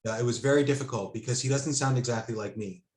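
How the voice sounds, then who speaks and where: A man's voice: medium pitch, fast, darkish tone. A man talking about his own work as a guest in a casual conversation, full of ums and restarts. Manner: hesitant, many fillers and restarts. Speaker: author and guest. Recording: roomy echo.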